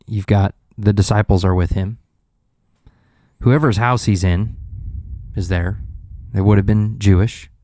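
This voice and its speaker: A man's voice: fairly low pitch, unhurried, dry recording, clean studio sound. A man co-hosting a Bible podcast who retells scenes vividly, acting out what the people in them say. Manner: animated storyteller, acts out scenes. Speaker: podcast co-host. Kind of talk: casual Bible study chat.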